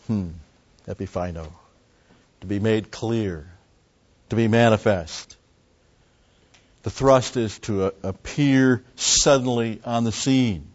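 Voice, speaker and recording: A man's voice: lowish voice, slow, pauses often, a little mellow. A man preaching a methodical Bible teaching, explaining Greek words and repeating key terms. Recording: dull lo-fi recording.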